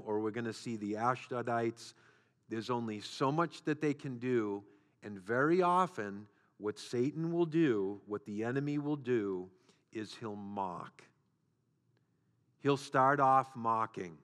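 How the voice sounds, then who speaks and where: A man's voice: mid-range voice, a bit bright. A man preaching a sermon as a pastor, with repeated phrases and rhetorical questions. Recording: long hall reverb.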